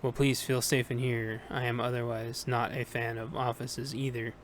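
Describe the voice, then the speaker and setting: Stern female captain with a Russian accent, read by a man, curt, even-voiced, light background hiss. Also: medium pitch, moderate pace, natural voice. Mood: measured. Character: stern middle-aged woman captain, Russian-tinged.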